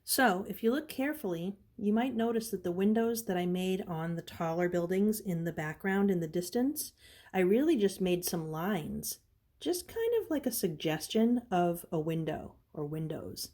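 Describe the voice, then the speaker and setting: A woman teaching an art lesson on video, calmly explaining each step. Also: lowish voice, normal speed.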